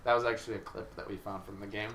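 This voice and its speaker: Enthusiastic young male podcast host, bright sharp tone, rambles, distant mic in an echoey room. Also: fairly low pitch, steady tone, vocal fry, a little hiss or hum. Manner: enthusiastic, rambling, quick to laugh. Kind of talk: casual podcast chat.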